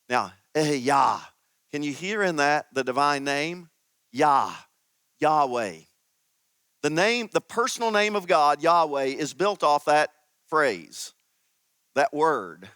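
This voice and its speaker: A man preaching a sermon as pastor, teaching slowly and emphatically with dramatic pauses. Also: on the high side, sharp tone, no echo.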